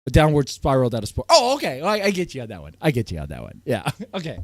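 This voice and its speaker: A man streaming live, ranting at his chat in a heated, swinging way, his voice strained and often cleared. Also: huge pitch swings, quick pace, no room sound. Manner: heated, swings from loud outbursts to low muttering. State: voice strained, keeps clearing throat. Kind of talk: ranting livestream commentary to chat.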